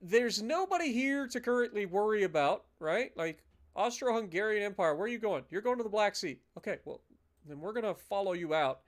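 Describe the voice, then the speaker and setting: High-voiced man streaming a game. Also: brisk. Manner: casual, animated, swears and mock-rants. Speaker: gaming streamer. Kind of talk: live gameplay commentary.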